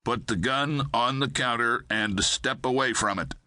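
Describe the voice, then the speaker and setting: A man's voice: medium pitch, unhurried, sharp tone, no echo. A man voicing a terse, commanding cop. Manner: clipped, precise orders. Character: tough male state cop, terse and commanding.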